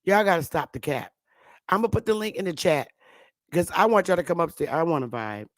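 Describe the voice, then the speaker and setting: A woman's voice: fairly low pitch, lively intonation, a little fast, no room sound, studio quality. A woman hosting a live stream, ranting with emphatic, profane talk and repeating the same rhetorical questions. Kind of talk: heated live-stream rant.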